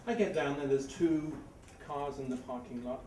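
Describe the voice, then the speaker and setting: A middle-aged man with an English accent tells an animated story at a live story slam, growing louder as it builds. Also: a little high, normal speed. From England. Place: live event venue before an audience. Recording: roomy, distant, noisy live room.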